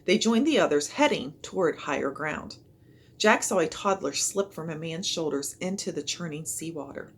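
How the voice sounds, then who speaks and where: A woman reading a children's chapter book aloud in an expressive storytelling manner. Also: sits low, normal speed, breathy edge. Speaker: reader.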